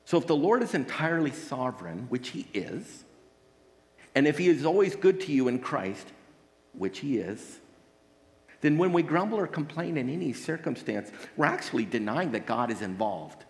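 A male pastor delivering a sermon in an earnest, pleading way, pressing his points with rhetorical questions. His voice sits at an ordinary middle pitch for a man. It rings out with a long reverb, as in a large church hall. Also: very animated, normal speed, darkish tone.

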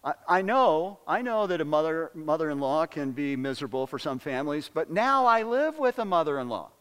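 A man's voice: a little high, sing-song, a little fast, fairly bright tone, clear, resonant tone, big-room sound. An older man preaching a sermon in an earnest way, repeating words and phrases for emphasis. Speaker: pastor.

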